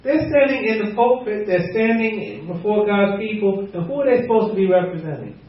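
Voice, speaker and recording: A man preaching a teaching sermon, animated and laughing often, acting out the quotes he reads. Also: sits high, brisk. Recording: roomy, distant, muffled.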